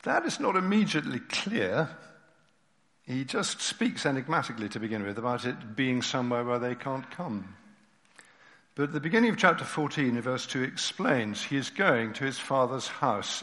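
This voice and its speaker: A male preacher reading a story and expounding scripture, his medium voice swelling and falling to near hush. The long reverb of a church hall trails every phrase. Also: medium pitch, normal speed. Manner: expressive, dropping to near-whispers at moving moments. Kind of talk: sermon with read story.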